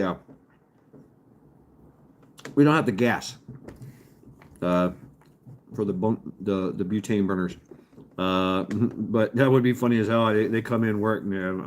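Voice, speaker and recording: A man casually chatting and rambling with live viewers as a stream host, often chuckling. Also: on the low side. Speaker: livestream host. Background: fireworks popping outside.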